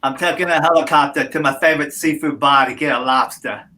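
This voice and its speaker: A man, a comedian and musician guest, speaking with a wry, lively delivery in casual chat. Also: on the high side, brisk. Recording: loud background noise.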